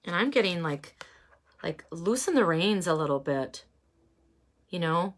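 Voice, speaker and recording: A woman giving a casual oracle card reading, musing and halting with many fillers. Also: on the low side, lively intonation.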